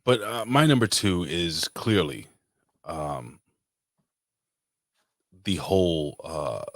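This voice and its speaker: A man's voice: sits low, lively intonation, slow, dry recording, studio quality. A man from New York City co-hosting a podcast, ranting casually and swearing constantly. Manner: profane ranting. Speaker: podcast co-host. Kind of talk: casual chat.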